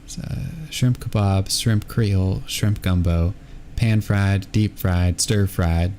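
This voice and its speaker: Low-voiced laid-back American gamer guy. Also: fairly even intonation, slow pace, dark tone, a little hiss or hum. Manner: laid-back, hesitant, lots of ums. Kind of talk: casual gaming chat.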